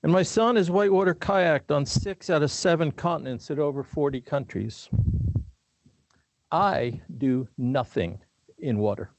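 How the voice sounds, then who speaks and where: An older man giving a formal commencement address in a measured, deliberate way with dry humor. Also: on the high side. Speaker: commencement speaker.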